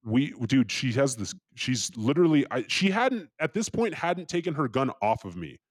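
A young Californian guest on a podcast speaks at medium pitch and normal speed, his voice carrying a breathy edge with no echo. He tells his story casually and animatedly, cursing freely and mimicking the voices of those he quotes.

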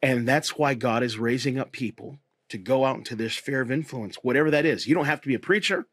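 A man, a pastor and host, talking earnestly and encouragingly about faith in a relaxed conversation. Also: medium pitch, brisk, slightly rough, no echo, studio quality. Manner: earnest, encouraging, repeats phrases.

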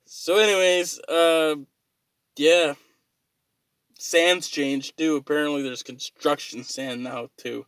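A man's voice: on the high side, unhurried, a bit bright, dry recording. A man rambling through an exasperated, profane comic rant to his viewers, swearing freely as he complains. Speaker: vlogger.

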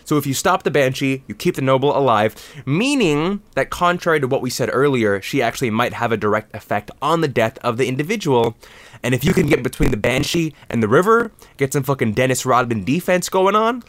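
Man, podcast co-host, lively swinging voice, dry close sound, laughs a lot, swears, jokey. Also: medium pitch, brisk, no echo. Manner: laughs often, swears freely, jokey asides. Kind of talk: casual podcast chat.

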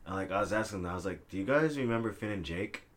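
A man's voice: deep voice, expressive, quick pace, a bit bright. A young man in casual, profane conversation, rambling loosely and trailing off into mumbles. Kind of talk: casual chat.

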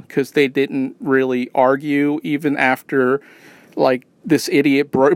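A man's voice: on the high side, gravelly, dry recording. A man ranting casually in a rambling, profane and sarcastic way. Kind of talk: casual rant.

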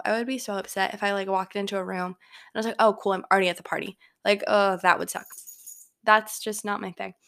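A young woman hosts a casual solo podcast from her bedroom on a home microphone. Her voice is medium-pitched and a bit bright, and she rambles with plenty of filler words.

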